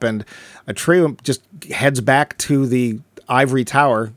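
A man's voice: medium pitch, normal speed, dry recording, clean studio sound. A man co-hosting a podcast, chatting casually about a movie and retelling scenes with acted-out quotes. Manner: enthusiastic, acts out quotes in character. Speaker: podcast co-host. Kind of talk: casual movie review chat.

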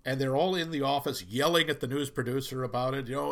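A man's voice: mid-range voice, quick pace. A middle-aged man from the Boston area, co-hosting a casual movie talk and often quoting lines in put-on voices. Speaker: podcast co-host.

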